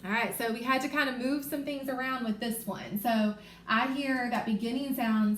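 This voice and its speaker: A woman teaching a remote reading lesson to young children, sounding out letters and words slowly and clearly. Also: fairly high pitch, fairly even intonation. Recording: echoey room with faint noise.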